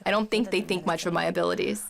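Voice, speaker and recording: A woman's voice: on the low side, steady tone, quick pace, creaky. A young woman cadet speaking in a dubbed documentary voice-over, chatty and matter-of-fact. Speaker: military cadet. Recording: crowd noise behind.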